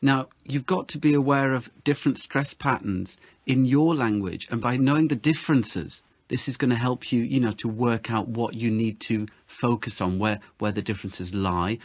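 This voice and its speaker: Man, pronunciation teacher, husky voice, dry close sound, slow exaggerated stress on key words. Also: mid-range voice, no echo. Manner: clear explanations, slow exaggerated word stress. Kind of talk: interview on pronunciation.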